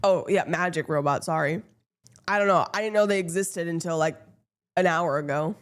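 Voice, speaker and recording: A woman's voice: lowish voice, normal speed. A woman streamer chatting casually with her viewers, blunt and playful, swearing freely.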